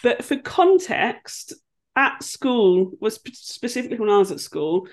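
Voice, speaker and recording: A woman, a podcast guest in casual chat, telling rambling, animated stories. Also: fairly high pitch, measured pace.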